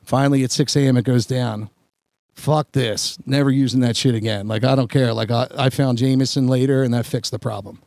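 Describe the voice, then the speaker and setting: A man's voice: medium pitch, fairly even intonation, fairly quick, vocal fry, darkish tone, dry recording, clean studio sound. A man, a podcast host telling a long embarrassing story in a rambling, self-mocking way full of filler words. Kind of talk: casual storytelling chat.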